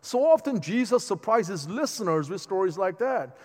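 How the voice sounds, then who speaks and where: A man preaching a sermon in a lively, conversational way, with asides to the congregation. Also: high-pitched, normal speed. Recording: long hall reverb.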